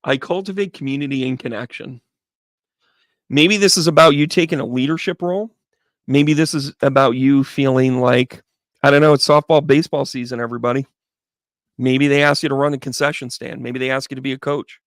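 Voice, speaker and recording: A man's voice: medium pitch, fairly even intonation, a little fast, no echo, clean studio sound. A man giving a chatty, upbeat live tarot reading, talking straight to viewers by name. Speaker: tarot reader.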